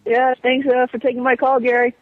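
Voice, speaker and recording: A man's voice: very high voice, monotone, fairly quick, no room sound. A man calling in to a radio show, asking a short, hesitant question with fillers. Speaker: radio call-in listener. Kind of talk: phone call to a radio show. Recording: tinny phone line, dry.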